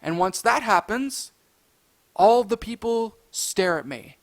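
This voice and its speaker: A very high-pitched man telling a wild storytime tale in a casual, animated way. He speeds up and rises into loud excited outbursts as he goes. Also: slow pace.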